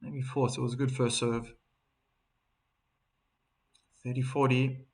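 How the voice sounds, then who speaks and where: A man with a South African accent hosting a live tennis watchalong, chatting with viewers and breaking into excited calls on big points. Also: medium pitch, brisk. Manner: chatty, reads viewer chat messages aloud between calls. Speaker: host and tennis commentator.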